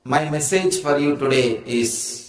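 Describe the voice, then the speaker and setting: A man's voice: on the high side, a little slow, reverberant, slight background noise, rough recording. A man giving a spiritual discourse as a teacher, emphatic and declaring with rising insistence.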